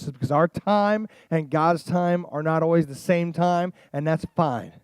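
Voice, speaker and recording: A man preaching a sermon as pastor, animated and casual, dropping into quiet asides and rising into loud emphatic passages. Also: a little high, normal speed, hardly any pauses, clear, resonant tone, dry recording. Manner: casual slang.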